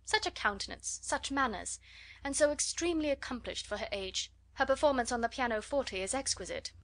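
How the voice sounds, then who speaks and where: A woman voicing a haughty young society lady who mocks and flatters in a scornful, affected way, in a storybook reading. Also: high voice, fairly quick, voice pushed up. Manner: scornful, mocking.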